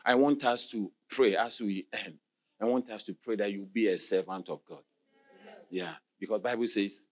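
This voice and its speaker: A man preaching a passionate sermon, moving between quiet talk and shouted exclamations. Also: lowish voice, moderate pace.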